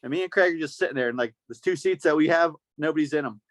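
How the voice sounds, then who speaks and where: A man hosting a podcast, telling a story in a casual, animated way and acting out the voices of the people in it. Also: on the high side, quick pace, no echo. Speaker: podcast host.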